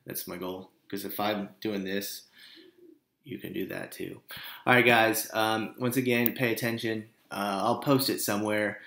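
A history teacher talks his students through a recorded lesson in a casual, joking way. His low voice has a gravelly edge. The room around him is echoey. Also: fairly even intonation, a little slow, a bit bright. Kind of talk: recorded online class lecture.

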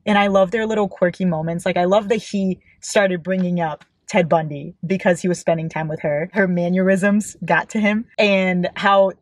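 Young american woman gushing over a book, slightly low voice, dry close mic, giggly. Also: fairly even intonation, normal speed, few pauses, no echo. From United States. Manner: gushing, giggly, bursts into squeals. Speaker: book vlogger. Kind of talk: casual book reaction chat.

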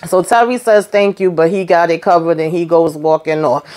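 A woman's voice: on the low side, fairly even intonation, moderate pace, a little mellow. A woman hosting her own channel, giving a chatty, slangy recap of a TV episode and acting out the characters' lines as she goes.

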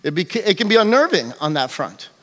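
A man's voice: high voice, brisk, in a large hall. A male pastor preaching a sermon in a church, telling stories with animation and often checking in with "okay?". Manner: animated storytelling, frequent "okay?" check-ins. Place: church sanctuary.

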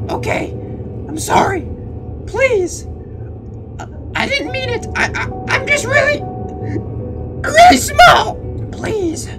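A man voicing a tiny, panicky male mushroom sidekick in a squeaky, shrill, excitable voice. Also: slow, pauses often, loud music behind the voice, exaggerated voice. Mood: pleading. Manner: excitable, yelping, pleading. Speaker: let's-play character voice.

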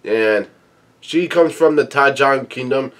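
Reading a comic chapter in a laid-back, casual manner, this middle-pitched male voice keeps interrupting the text. His frequent asides are brief and offhand, making it a casual reading with commentary.

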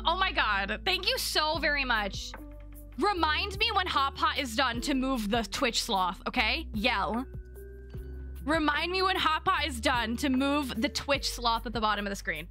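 A young woman streaming a game live, chatting casually with her viewers, bubbly and quick to thank them. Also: high-pitched, lively intonation, bright, forceful tone, soft background music. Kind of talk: casual live-stream chat while gaming.

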